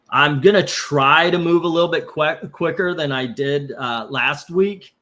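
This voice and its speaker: A man's voice: mid-range voice, fairly bright tone. A man hosting a live comic book auction stream, chatting casually in a rambling, joking way and reading out viewer comments. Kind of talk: casual livestream chat.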